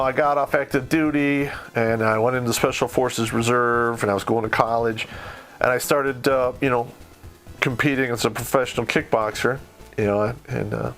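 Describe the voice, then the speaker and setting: Middle-aged male podcast host from Michigan, profane and blunt, mid-pitched, faint music underneath. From Michigan, USA. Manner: profane, blunt, animated storytelling. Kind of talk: casual storytelling.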